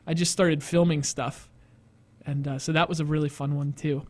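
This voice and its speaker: A man's voice: on the high side, little pitch movement, normal speed, darkish tone. A man hosting a live stream, rambling and self-mocking as he chats and laughs often. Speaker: host. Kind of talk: casual live stream chat. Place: studio.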